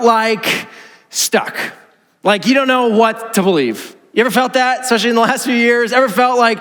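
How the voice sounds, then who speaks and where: A man's voice: extremely high pitch, moderate pace, a bit bright. A man, preaching a chatty, joking sermon to his church and acting out the voices he quotes. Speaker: pastor. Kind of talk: casual conversational sermon. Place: large church hall. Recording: reverberant church hall.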